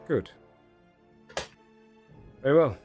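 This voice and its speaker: A man voicing a smug, wealthy male lord who speaks softly and languidly in a tabletop game. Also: extremely slow, faint music behind. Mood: aloof.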